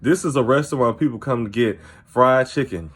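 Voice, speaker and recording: A man's voice: mid-range voice, normal speed, husky. A man recapping a reality TV episode to camera, blunt and profane in an opinionated, casual way. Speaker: TV recap commentator.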